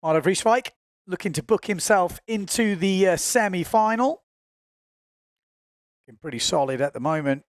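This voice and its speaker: A man's voice: high-pitched, lively intonation, normal speed, long pauses, no room sound, studio quality. A man giving chatty, informal live commentary on a windsurfing race, often correcting himself as he goes.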